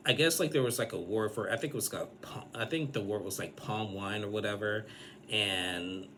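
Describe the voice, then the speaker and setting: A man's voice: lowish voice, pushed and bright, a little hiss or hum. A man giving a casual, rambling episode recap, full of fillers and restarts. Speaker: recap vlogger.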